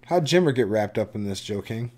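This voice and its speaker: A man hosting a casual podcast, crude and quick to laugh. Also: on the low side, lively intonation, darkish tone. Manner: crude, laughing, asks questions. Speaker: podcast host. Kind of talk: casual chat.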